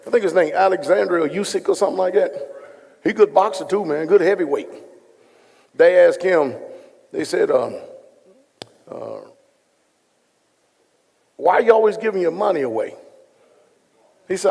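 Male pastor, slightly high, husky voice, joking with a large congregation, long hall reverb. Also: moderate pace, long pauses, a little mellow. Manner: folksy, joking, talks straight to the room. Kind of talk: sermon with casual asides to congregation. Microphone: stage microphone being adjusted.

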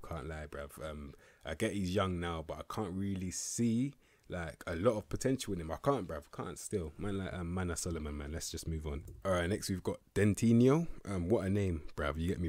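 Young male gaming commentator, very deep voice, casual slangy delivery with the odd swear. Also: a little mellow, no room sound. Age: young adult. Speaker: gaming youtuber. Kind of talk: casual video game commentary.

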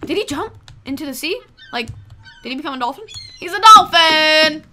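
A woman's voice: high voice, big pitch swings, fast talker, a bit bright, slight background noise. A young woman giving goofy, chatty let's play commentary, full of exclamations. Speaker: gamer.

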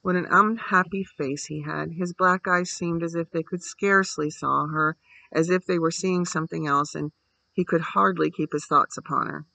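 A man reading a bedtime story aloud in a steady, measured way. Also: a little high, creaky, rough recording.

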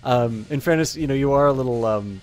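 A man's voice: mid-range voice, fairly quick, a little mellow. A man streaming a video game, chatting casually and chuckling with his co-host and chat. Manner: laid-back, chuckling, with many fillers. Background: faint game music.

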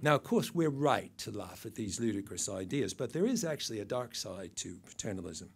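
A man's voice: lowish voice, sing-song, brisk, creaky, breathy edge. An older man giving a satirical awards speech to an event audience, dry and mocking, with wry asides. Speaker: awards presenter.

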